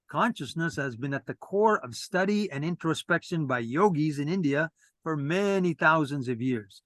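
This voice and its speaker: A man's voice: fairly high pitch, fairly bright tone, no echo. A man presenting a lecture from a script, earnest and lecturing, with casual asides to a co-host.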